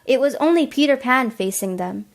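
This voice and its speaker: A woman's voice: high voice, animated, moderate pace. A teenage girl reading plain storybook narration for a school play. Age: teens.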